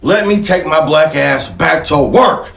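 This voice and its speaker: A man's voice: on the high side, measured pace, gravelly, fairly bright tone, reverberant, pitched below the performer's own voice. A man voicing a bewildered, newly freed male laborer who laughs in disbelief as he wonders who will hire him.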